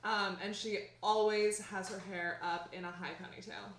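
A woman player describing her character in a relaxed way, with many "um" and "like". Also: medium pitch, moderate pace. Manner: relaxed, filler-heavy. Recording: echoey garage.

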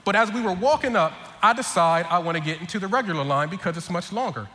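A man's voice: high-pitched, fast. A man preaching as pastor, telling a comic family story and acting out everyone's lines with lots of energy. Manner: animated, comic, acts out voices of family. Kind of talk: humorous sermon storytelling. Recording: long hall reverb, faint ambience.

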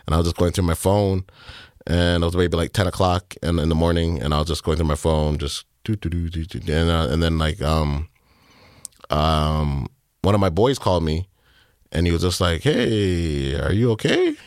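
Low-voiced man, halting and dry. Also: fairly even intonation, darkish tone, clean tone, dry recording. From Canada. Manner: halting, filler-heavy, reenacts dialogue. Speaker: music producer, guest. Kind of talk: personal storytelling in an interview.

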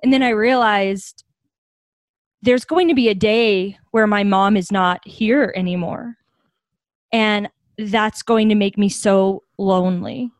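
A young American woman who founded a nonprofit tells stories in a podcast interview, earnest and reflective, growing animated when she quotes others. Her voice sits in the mid range and moves slowly, captured in a dry recording.

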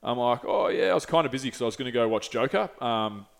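A young man talks in a loose, candid way, swearing often and restarting his sentences as he tells a story. His pitch sits in the middle for a man, and the talk is an easygoing, casual chat. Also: animated, quick pace, vocal fry. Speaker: podcast host.

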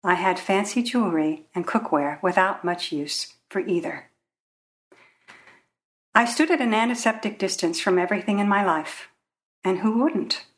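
A woman's voice: mid-range voice, moderate pace. A woman, an author, reading from her personal memoir in a wry, reflective voice.

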